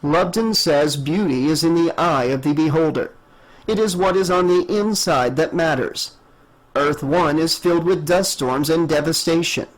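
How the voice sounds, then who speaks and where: Flat polite robot guy, soothing and super literal a man reading it, kinda high voice. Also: moderate pace, close to an everyday voice, low-quality recording. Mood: matter-of-fact. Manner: monotone, literal, formal. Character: polite male android, monotone yet soothing.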